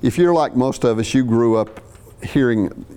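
A man's voice: mid-range voice, normal speed, mellow, clear, resonant tone. A man preaching a sermon, talking through scripture in a conversational way with restarts and asides. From US South.

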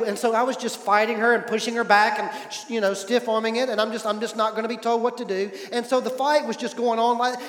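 A man preaching a sermon, telling a personal story, swinging from loud emphatic stretches to hushed ones. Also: very high-pitched, roomy sound, long reverb tail. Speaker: pastor.

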